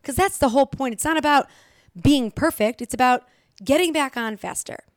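A young recovery vlogger with a high voice speaks at a moderate pace directly to camera, giving a blunt motivational talk. She swears often and repeats phrases for emphasis, recorded dry with clean studio sound.

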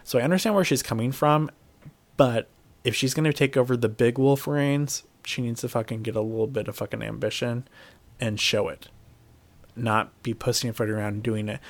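A man's voice: mid-range voice, normal speed, no room sound. A man recapping a TV episode in casual chat. He swears freely and talks animatedly. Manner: profane, animated, slips into mocking voices.

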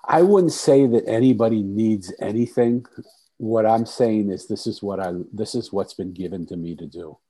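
A man speaking as a podcast guest, telling stories in an earnest, soft-spoken way with frequent restarts. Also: on the low side, normal speed, husky, poor audio. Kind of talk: storytelling in conversation.

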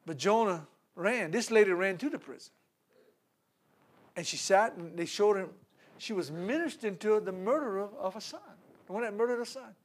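A man's voice: high-pitched, normal speed. A man preaching a sermon, retelling a Bible story with laughter, stumbles and repeated words. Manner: animated storytelling with laughs and repetitions.

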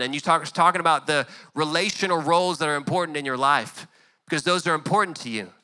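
A man's voice: on the high side, quick pace, sharp tone, smooth. A young adult male pastor preaching a sermon in a conversational way, acting out imagined back-and-forth dialogue.

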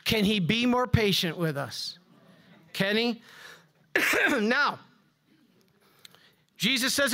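A Catholic priest delivers a rousing sermon, his high, bright voice pushed and animated. He lifts emphatically on key words and tosses quick asides to the congregation.

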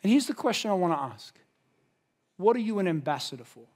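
An Australian man preaching a sermon with passion, swinging from loud emphasis to hushed, intense moments. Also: high-pitched, big pitch swings, a little fast. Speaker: pastor.

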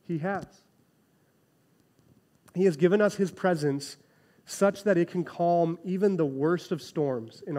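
A man in his thirties preaching a sermon in a lively, conversational way, often checking in with "right?". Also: fairly high pitch. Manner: animated, conversational preaching with frequent "right?" asides. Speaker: pastor.

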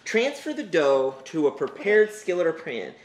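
A man's voice: on the high side, sing-song, moderate pace. A man baking at home, reading recipe steps aloud in a casual, hesitant, joking way. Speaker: host baking with his child. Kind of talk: casual home cooking chat. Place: home kitchen.

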